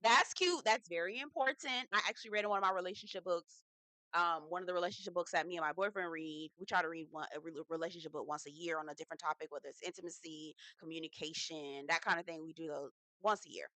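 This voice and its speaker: A woman's voice: lowish voice, quick pace, pushed and bright, dry recording. A woman hosting a casual reality TV recap, sassy and slangy, talking straight to her viewers. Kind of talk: casual review commentary.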